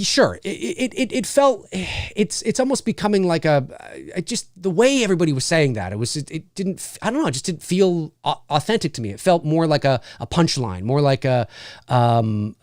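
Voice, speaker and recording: A man's voice: fairly high pitch, very animated, moderate pace, no echo, studio quality. A man giving an unscripted spoken film review, thinking aloud and often restarting his sentences as he works out his opinion.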